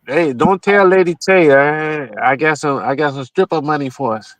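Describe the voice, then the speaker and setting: A man's voice: fairly high pitch, normal speed, a bit bright, no echo, pitched below the performer's own voice, lightly acted, rough recording. A man voicing a laid-back male buddy with a put-on Ghanaian accent, loose and joking.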